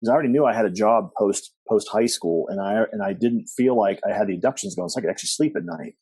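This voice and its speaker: Middle-aged male podcast guest, rambling storyteller, low and mellow voice, husky and dry. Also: fast, dry recording. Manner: rambling with many fillers and restarts, animated quoting. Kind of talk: storytelling interview.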